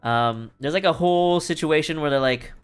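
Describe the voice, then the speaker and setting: A man's voice: a little high, normal speed, clean tone. A man streaming from home, recapping a play in casual chat, rambling and swearing with lots of fillers and restarts. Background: faint background music.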